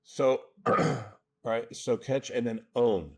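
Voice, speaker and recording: Earnest New coach, emphatic. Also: male voice, mid-range voice, drawn-out words, creaky. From New Jersey. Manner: earnest, emphatic, often checks in with "right?". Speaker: mental toughness coach, guest. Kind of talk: podcast interview, explaining.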